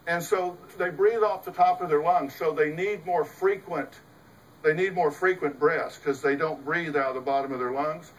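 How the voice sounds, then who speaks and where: A man's voice: a little high, normal speed, far from the mic, a little hiss or hum, rough recording. A middle-aged man, a host and psychologist, giving an emphatic, folksy talk to an audience, full of rhetorical questions. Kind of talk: lecture to a live audience.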